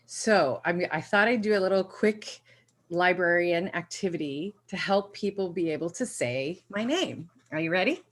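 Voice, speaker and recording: A woman's voice: fairly low pitch, lively intonation, moderate pace. Playful woman chairing a meeting. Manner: playful, teacherly. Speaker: commission chair.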